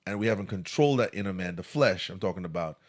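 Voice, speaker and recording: A man co-hosting a casual podcast discussion, animated and acting out quoted lines as he tells stories. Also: low voice, quick pace. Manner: animated storyteller, acts out quotes. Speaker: co-host.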